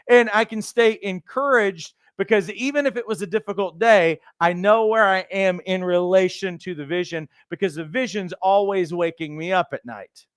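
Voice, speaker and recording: A male coach trainer delivers a motivational lesson in a higher-than-usual, smooth and resonant voice. He speaks earnestly, stacking repeated phrases for emphasis. The sound is dry and close, with no room echo. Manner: acts out quoted voices, occasional restarts. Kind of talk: motivational teaching talk.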